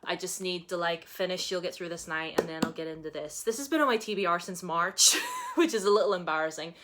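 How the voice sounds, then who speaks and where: A woman's voice: on the low side, brisk, background noise. A woman chatting casually about her reading plans, with fillers and small laughs. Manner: chatty, with frequent fillers and giggles. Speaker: book vlogger. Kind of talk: casual reading-list chat.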